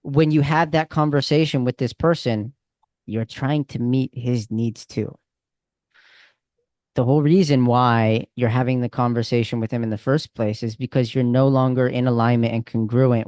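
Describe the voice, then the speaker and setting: Male coach, casual and animated, mid-pitched, dry close sound. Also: no echo. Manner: casual, animated, talks with friendly slang. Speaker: communication coach. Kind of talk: coaching over a call.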